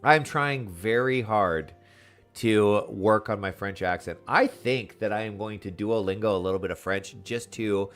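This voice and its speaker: A man streaming a video game, chatting excitedly and answering his chat. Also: lowish voice, unhurried, soft background music. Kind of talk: casual live gameplay chat.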